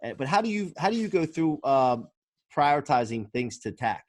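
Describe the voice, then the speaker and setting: A man's voice: a little high, very animated, normal speed, no echo, clean studio sound. A man hosting a podcast, asking long rambling questions in a chatty, casual way. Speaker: podcast host.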